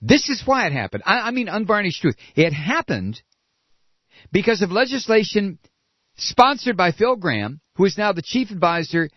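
A man's voice: high-pitched, big pitch swings, moderate pace, no echo. A man delivering an angry political rant, profane and sarcastic, with mocking asides. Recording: dull lo-fi recording.

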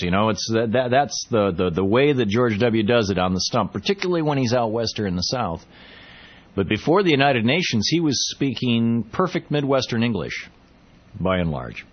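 Husky-voiced male radio talk host. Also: medium pitch, muffled recording. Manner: chatty, wry, rambling with many fillers. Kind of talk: casual political talk radio.

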